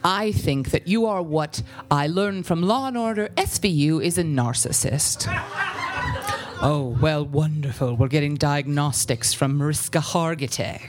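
A woman reads a comic letter aloud on stage. Her pitch sits a little low but swings widely through sardonic, mock-sweet turns. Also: animated, a little slow, slight background noise. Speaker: live reading performer.

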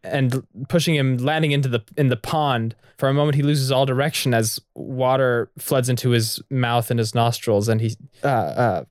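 A man's voice: medium pitch, normal speed, few pauses, dry recording, studio quality. A man co-narrating an improvised story, joking and often stammering as he goes. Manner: jokey, laughs often, stammering restarts.

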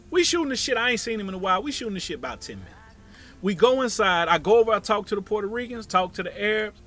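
A man telling a comic story, slipping into quick impressions of the people in it. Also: sits high. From Tampa, Florida area. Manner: animated, acts out voices of others.

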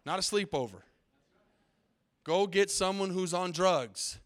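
A man with a high voice preaches to his congregation from the pulpit. He is emphatic and calls for responses from the listeners. He sounds middle-aged and speaks as their pastor. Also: a little slow, fairly bright tone. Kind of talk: sermon. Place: church sanctuary.

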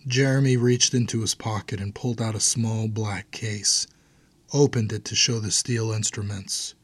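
Man, audiobook narrator, low voice, husky, dry close recording. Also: fairly even intonation, normal speed, no room sound.

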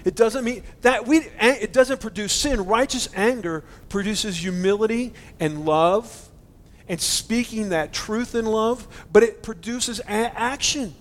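A man's voice: high-pitched, a little slow. A man preaching a conversational sermon, earnest and indignant, speaking to his listeners directly. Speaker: pastor.

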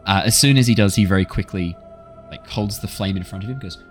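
A man narrating as dungeon master in a measured, descriptive way. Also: lowish voice, faint music behind. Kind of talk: narrating a tabletop game.

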